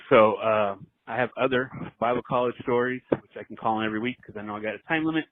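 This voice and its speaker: Man telling a ghost story over the phone. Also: medium pitch. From Southern California. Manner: earnest, halting, many fillers. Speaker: voicemail caller. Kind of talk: storytelling voicemail. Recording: tinny phone line.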